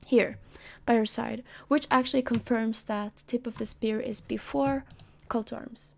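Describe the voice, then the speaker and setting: A woman streamer talking in a soft, rambling way, breaking into giggly asides while she explains a story to her chat. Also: on the high side, fairly even intonation, measured pace, gravelly. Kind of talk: casual live-stream commentary. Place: own room.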